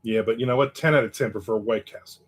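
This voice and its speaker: A man's voice: mid-range voice, fast talker, breathy edge. A man hosting a casual live chat, telling stories in a wry, cynical way and reading out viewer comments. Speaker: host.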